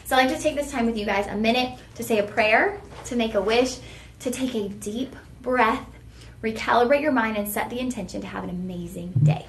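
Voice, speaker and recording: A woman's voice: a little high, fairly quick, roomy sound, slight background noise. A woman hosting a live shopping stream, chatty and heartfelt, talking straight to her viewers. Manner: chatty, heartfelt, folksy "y'all" address. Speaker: shopping channel host.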